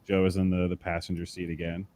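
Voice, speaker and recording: A man with a fairly low voice tells rowdy road stories in relaxed conversation. He swears freely and jumps into the voices of the people in his stories. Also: fast. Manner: animated storyteller, swears freely, acts out voices. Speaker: podcast guest, tattoo artist. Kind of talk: casual chat, telling tour stories.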